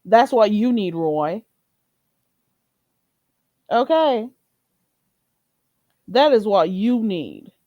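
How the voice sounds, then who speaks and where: Woman livestream host, blunt and mocking rant, very animated pitch, dry close sound. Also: drawn-out words, pauses often, no echo, highs cut off. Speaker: channel host.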